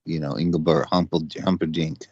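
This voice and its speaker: Deep-voiced rambling man on a call. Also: steady tone, brisk, a little mellow, slightly rough, no echo, highs cut off. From United States. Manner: rambling, many fillers and restarts. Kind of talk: casual chat.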